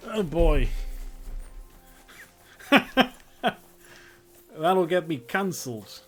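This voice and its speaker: A man's voice: a little high, very animated, very slow, fairly bright tone, soft background music. A man streaming a video game, joking and laughing as he talks to himself. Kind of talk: casual game commentary.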